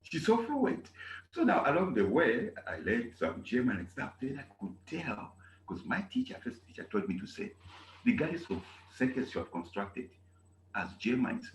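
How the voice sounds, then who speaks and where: A man from Zambia, teaching a German class in an animated way and repeating key phrases. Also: lowish voice. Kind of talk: online class lecture. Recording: echoey room with faint noise.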